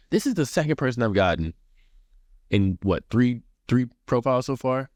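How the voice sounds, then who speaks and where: A man's voice: medium pitch, expressive, normal speed, darkish tone. A man co-hosting a casual comedy podcast, sarcastically reading and mocking dating profiles. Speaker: podcast co-host.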